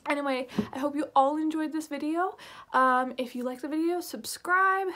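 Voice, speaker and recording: High-voiced woman for a casual book vlog; rambling, gushing delivery. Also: moderate pace, sharp tone. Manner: gushing, chatty, full of fillers and "oh my gosh". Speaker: book reviewer.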